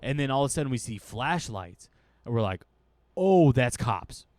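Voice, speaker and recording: A man's voice: mid-range voice, fairly quick, no echo. A man rambles through a story in a casual chat, jumping into the voices of the people in it. He sounds like a guest comedian on a podcast. His voice is recorded close and dry, with no room sound. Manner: rambling, animated, acts out quotes.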